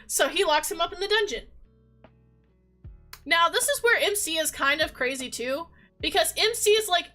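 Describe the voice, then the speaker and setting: A woman livestreamer chats casually, retelling a game story in an animated, rambling way packed with filler words. Her voice sits very high and sounds bright and forceful. Faint music plays behind her. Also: moderate pace, long pauses. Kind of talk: casual chat recapping a game.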